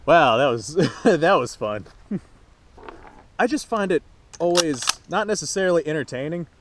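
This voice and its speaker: A man's voice: a little high, background noise. A man hosting his own firearms channel, chatting casually and rambling to camera while out at a shooting range, swearing freely.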